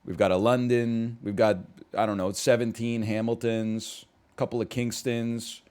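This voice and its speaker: A man from Canada, chatting casually on a live stream, reacting to chat and rambling through asides with sudden excited jumps. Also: medium pitch, normal speed, clean tone.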